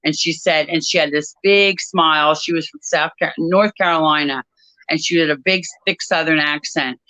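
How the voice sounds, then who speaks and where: A woman guest in an interview, telling a personal story in a measured, reflective way with frequent pauses. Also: low-pitched, fairly even intonation, pushed and bright, dry recording, rough recording. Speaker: author and guest.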